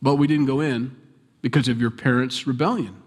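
A man's voice: medium pitch, steady tone, moderate pace. A man preaching a casual sermon, reading scripture aloud and breaking off to explain it with everyday asides. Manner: conversational, reads scripture then comments with asides. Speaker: pastor. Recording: long hall reverb.

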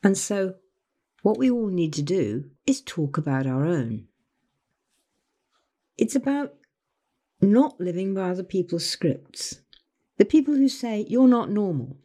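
A woman's voice: mid-range voice, expressive, slow pace, pauses often, warm tone. An older woman giving a motivational talk as a life coach, earnest, putting on other people's voices when she quotes them.

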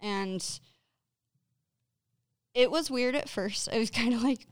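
A woman's voice: fairly high pitch, slow, no echo, studio quality. A woman giving casual self-care advice, candid and chatty, swearing freely and laughing at herself.

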